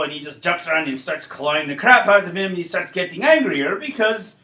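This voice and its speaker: A man's voice: fairly high pitch, a little fast, sharp tone. A man doing a comedic monologue as a vlogger, rambling and playfully mocking. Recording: roomy echo.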